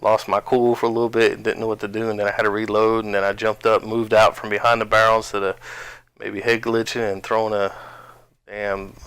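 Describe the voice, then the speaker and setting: A man's voice: fairly low pitch, fairly bright tone, clean tone, no echo. A man from New Jersey with a slight twang, giving rambling, casual commentary over his own gameplay on a headset. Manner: rambling, many restarts and fillers. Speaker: gaming channel host.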